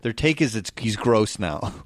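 A man co-hosting a casual podcast chat, rambling and animated, with many restarts. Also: fairly low pitch, normal speed, no room sound, studio quality. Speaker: podcast co-host.

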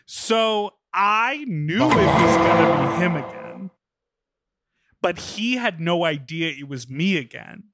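A man's voice: sits high, sing-song, slow pace, very noisy. A man co-hosting a podcast, chatting frankly and telling stories with easy laughs. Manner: frank, storytelling, laughs easily. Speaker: podcast co-host. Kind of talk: casual podcast chat.

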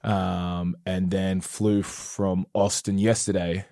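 A young Australian man talks in a studio interview with a low voice, and the sound is close and dry. He rambles easily between thoughts. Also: slow pace, gravelly, no room sound. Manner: relaxed and rambling, with fillers and laughs. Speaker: guest musician. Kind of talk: casual interview chat.

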